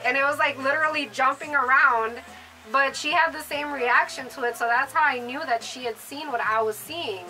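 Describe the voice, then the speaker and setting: A woman's voice: sits high, normal speed, sharp tone, soft background music, rough recording. A woman co-hosting a casual chat who rambles with lots of fillers. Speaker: co-host, shop owner.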